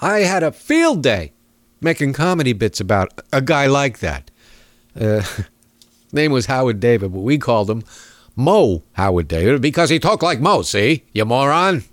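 A male talk radio host rants with sarcasm, chuckling often as he rambles along. His pitch swings in a lively way. The sound is dry and close. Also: normal speed, dry recording.

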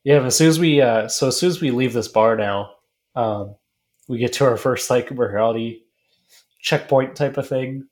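Brief: mid-pitched man, podcast co-host, halting, filler-heavy recap talk. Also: a little mellow. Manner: halting, repeats "like" while thinking. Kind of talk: casual chat.

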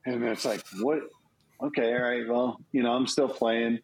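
A man's voice: mid-range voice, moderate pace, creaky, slight background noise, low-quality recording. A middle-aged man co-hosting a podcast, telling a story in casual chat and acting out the voices of people in it. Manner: animated storyteller, acts out quoted voices. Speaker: podcast co-host.

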